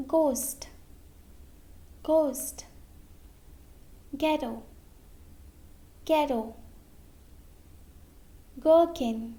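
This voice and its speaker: A woman gives a slow, deliberate English pronunciation lesson, saying each example word twice and checking in with "okay?" as she explains. Her voice sits high and has a warm tone.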